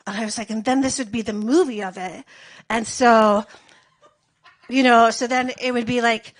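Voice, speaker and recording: Brief: high-pitched woman comic, deadpan, rambling long-form stand-up on stage. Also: normal speed. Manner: rambling, deadpan storytelling with filler words. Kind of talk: stand-up comedy set.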